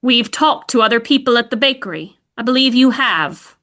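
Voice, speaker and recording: A woman's voice: fairly high pitch, expressive, normal speed, bright, forceful tone. A woman voicing a stern male British police detective with formal, firm questioning.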